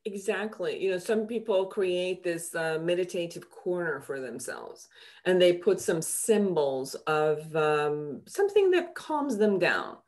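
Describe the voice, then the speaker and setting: A woman psychotherapist explaining her methods in an interview, animated, acting out quoted dialogue as she goes. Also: fairly low pitch, a little slow. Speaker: psychotherapist guest. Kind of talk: explaining in conversation.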